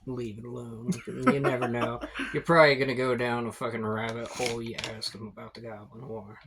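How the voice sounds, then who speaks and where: A man's voice: medium pitch, level tone, fairly quick, a crowd in the background. A man narrating a tabletop game as game master, in a laid-back, rambling way with fillers and swearing.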